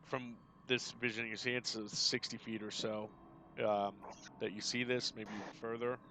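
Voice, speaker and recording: Male game master, halting casual narration, bright lower voice. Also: flat delivery. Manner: hesitant, many fillers and restarts.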